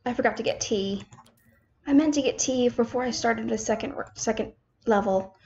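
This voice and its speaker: A young woman's fairly high voice rambles through casual let's-play commentary, poking fun at herself as she plays. The sound is a little dull and lo-fi, like a home desk mic. Keyboard and mouse clicks tick along behind her. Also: moderate pace, a little mellow, slight background noise. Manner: chatty, self-mocking, talks to herself while playing. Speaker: gaming streamer. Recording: slightly dull lo-fi home recording.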